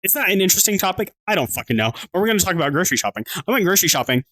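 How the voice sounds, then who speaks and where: A man's voice: high-pitched, very animated, racing, bright, forceful tone, dry recording. A man from Southern Pennsylvania chatting casually on a livestream at home. He restarts his sentences, swears casually and thanks his viewers.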